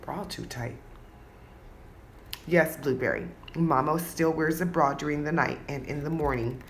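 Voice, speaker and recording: Gravelly woman cooing baby talk. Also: sits low, measured pace. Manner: cooing, coaxing baby talk with casual swearing. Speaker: pet video host. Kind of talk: casual talk to her pet bird. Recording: noisy home recording.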